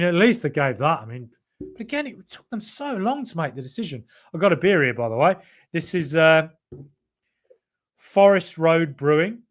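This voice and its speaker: A middle-aged man hosting a casual podcast stream, reading viewer comments and chatting loosely with repeated words and jokey asides. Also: on the high side. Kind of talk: casual live-stream chat.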